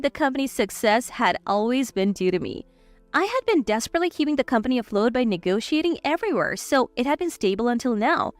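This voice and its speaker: Woman narrator for a scripted drama story, high and animated, dry close read. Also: no room sound. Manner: lively, cold when retorting.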